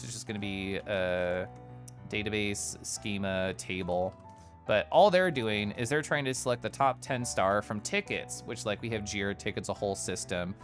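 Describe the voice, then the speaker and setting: A man in casual stream chat, telling a work story in an animated way, mocking others in quoted voices and laughing often. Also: lowish voice. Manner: laughs often while talking.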